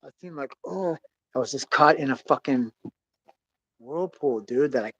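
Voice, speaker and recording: A young man telling a story in casual, profane chat, swinging between loud bursts and quiet mutters. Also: medium pitch, moderate pace, husky, dull audio. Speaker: podcast host.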